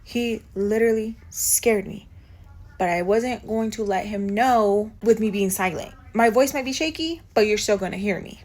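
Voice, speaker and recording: A woman's voice: medium pitch, normal speed. Chatty young woman telling a story. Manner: chatty, animated retelling with filler "like". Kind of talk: casual storytime while doing makeup.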